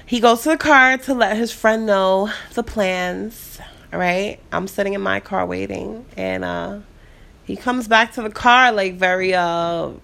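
Gravelly New York woman telling a story. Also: medium pitch, unhurried. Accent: New York City. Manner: rambling, animated, swears freely. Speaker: vlogger. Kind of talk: casual storytime chat.

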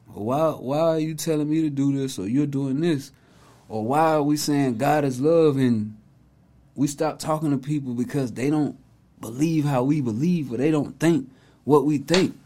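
Male vlog host with a higher voice, emphatic and preachy in a casual way. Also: darkish tone. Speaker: host, commentator.

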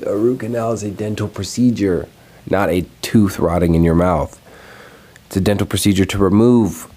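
A young man hosting his own video, ranting casually and profanely about something that annoyed him online. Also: fairly low pitch. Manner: profane, exasperated, animated ranting. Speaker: video host. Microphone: recorded alone at home.

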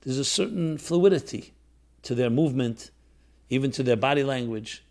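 A man's voice: mid-range voice, lively intonation, normal speed, darkish tone. Earnest man telling a reflective story. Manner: earnest, with fillers and restarts. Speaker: rabbi teaching a class.

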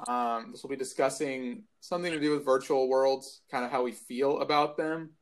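A man's voice: mid-range voice, fairly even intonation, normal speed. A young man co-hosting a podcast, chatting casually with teasing, goofy mock outrage. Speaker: podcast co-host. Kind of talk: casual chat.

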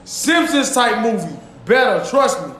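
A man hosting a casual podcast chat, telling stories loudly with lots of laughing and swearing. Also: extremely high pitch, sing-song, measured pace. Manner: loud, laughing, profane storytelling. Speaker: podcast host. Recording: echoey room with faint ambience.

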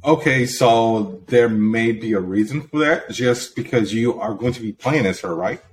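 A man's voice: mid-range voice, moderate pace, a little hiss or hum. A young man hosting a podcast, reading entertainment news in a casual, teasing, level-headed way. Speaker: podcast host.

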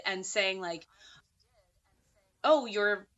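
Bright-voiced woman on muffled audio. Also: mid-range voice, unhurried, long pauses, clean tone. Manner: earnest, thinks aloud with many fillers. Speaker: podcast guest. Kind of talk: casual interview chat.

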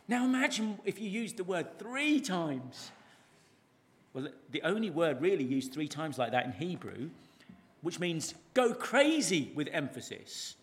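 A man preaching a sermon to a church congregation, animated, stretching key words out for emphasis and asking rhetorical questions. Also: on the high side, unhurried. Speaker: pastor. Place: church service, large room. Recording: long church reverb.

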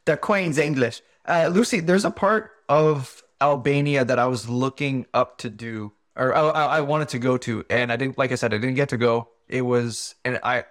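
A man's voice: medium pitch, normal speed, few pauses. A man co-hosting a podcast in casual chat, easygoing and hesitant, swearing now and then. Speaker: podcast co-host.

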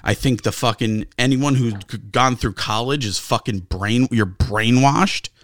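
A man's voice: medium pitch, unhurried, no room sound, studio quality. A man co-hosting a sports talk show, ranting with heavy swearing and sarcasm. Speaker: sports podcast co-host. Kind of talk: heated sports talk rant.

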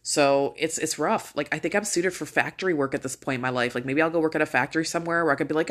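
A woman's voice: sits low, fast, pushed and bright. A middle-aged woman ranting casually to her viewers, blunt and full of swearing as she tells a story. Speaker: vlogger.

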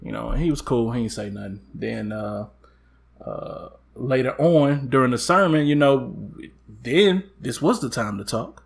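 Husky guy, mid pitch, chatty podcast cohost, jumps loud when quoting folks. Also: measured pace. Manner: animated, acts out quotes with loud jumps and laughs. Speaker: podcast co-host. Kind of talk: casual storytelling chat.

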